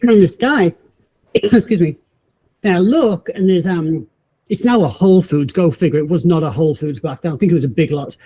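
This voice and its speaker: A woman, a podcast guest telling a personal story in animated fashion, acting out the voices of people she met and often restarting her sentences. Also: on the low side, normal speed, slightly rough. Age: 50s. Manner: acts out quoted voices, frequent restarts.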